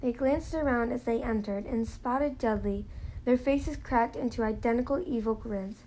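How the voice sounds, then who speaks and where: A woman's voice: fairly high pitch, moderate pace, dark tone, a little hiss or hum, rough recording. A woman reading a novel aloud in a plain manner, now and then slipping and restarting a phrase. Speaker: reader.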